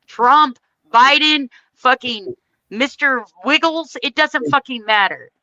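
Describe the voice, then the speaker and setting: An American woman hosting a livestream delivers a heated, profane political rant with blunt emphasis. Her voice is high, slow, and sharp-toned, and the recording sounds muffled.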